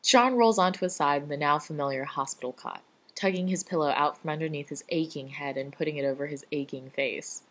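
A woman reading a fan-written story aloud in a dry, even storytelling manner. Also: deep voice, brisk. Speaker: fan fiction reader.

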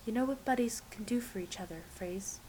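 A woman's voice: medium pitch, expressive, moderate pace, a little hiss or hum, natural voice. Woman voicing a blunt streetwise cop. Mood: low whisper. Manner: clipped and blunt. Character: brusque young male cop, blunt, streetwise.

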